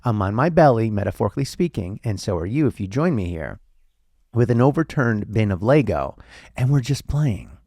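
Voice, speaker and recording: A man muses out loud in a casual, theatrical monologue, his pitch rising and falling in lively swings. The recording is dry and close, with no room sound, and he drops in a curse now and then. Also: normal speed, no echo. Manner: playful, theatrical, swears casually. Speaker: podcast host.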